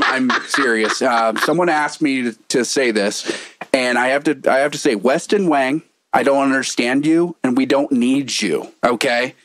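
A man's voice: mid-range voice, no echo. A man co-hosting a podcast, ranting in casual chat, cursing freely and slipping into put-on voices. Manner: profane, animated rants with put-on voices. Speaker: podcast co-host.

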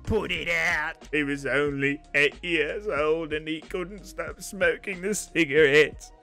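A man's voice: fairly high pitch, steady tone, slow, gravelly, sharp tone, soft background music, exaggerated voice. A man voicing a rowdy, foul-mouthed young male carpenter in a put-on Australian accent during gameplay role-play. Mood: sobbing, melodramatic. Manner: crude, profane, melodramatic whining.

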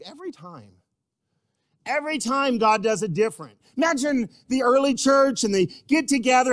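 A man preaching a sermon as a pastor in a church, animated, humorous and direct with his listeners. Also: high voice, dry recording.

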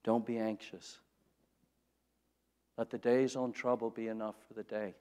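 A man's voice: fairly low pitch, level tone, unhurried, smooth. Storytelling male pastor in a reverberant church. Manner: storytelling, rising and falling in loudness. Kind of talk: sermon. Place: church sanctuary.

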